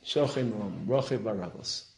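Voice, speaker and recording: A man lecturing to a congregation as a rabbi, passionate and emphatic, sprinkling Hebrew terms and rising to loud peaks. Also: fairly low pitch, normal speed, vocal fry. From Israel. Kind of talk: sermon-style lecture. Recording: roomy hall echo.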